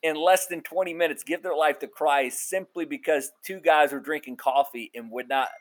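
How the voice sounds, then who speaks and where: A man on a podcast as a guest, telling a testimony in a lively, colloquial way. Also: fairly high pitch, moderate pace. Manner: animated, colloquial, addresses listener as bro. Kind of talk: storytelling testimony.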